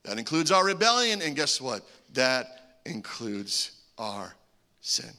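A man preaching a sermon, animated, with joking asides and swings between loud calls and hushed remarks. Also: medium pitch, takes it slowly. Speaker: pastor.

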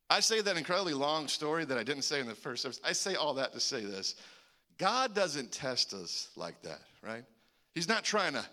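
A man in his forties preaching a sermon, an animated storyteller who acts out the voices in his stories. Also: a little high, normal speed. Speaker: pastor.

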